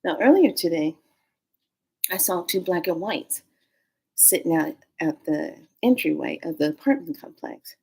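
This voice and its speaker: A woman vlogger telling a story in a casual, animated, slangy way, acting out every quote. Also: on the low side, a little slow, creaky, slightly rough.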